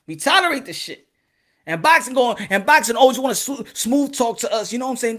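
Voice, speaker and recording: A man giving a casual, profane monologue as a boxing commentator, animated and laughing often, acting out voices. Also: very high voice, quick pace.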